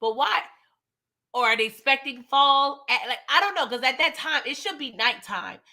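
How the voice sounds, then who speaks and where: A woman with a bright, fairly high voice talks straight to her live chat as she recaps a TV episode. She is animated and acts out the characters' lines as she goes. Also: moderate pace. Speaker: TV show recap host.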